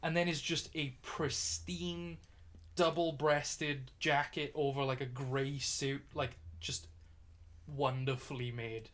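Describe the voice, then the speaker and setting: A man's voice: mid-range voice, level tone, takes it slowly, fairly bright tone. A British man narrating as dungeon master in a chatty, rambling way with many fillers. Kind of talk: narrating a tabletop game.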